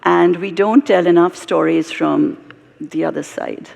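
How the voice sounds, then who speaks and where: A woman with a British accent, telling stories in an animated, expressive way as a guest speaker on stage. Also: on the low side, a little slow, creaky. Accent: British English. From Britain, of Indian heritage. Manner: animated, expressive storytelling with asides. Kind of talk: live onstage storytelling conversation. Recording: reverberant live hall.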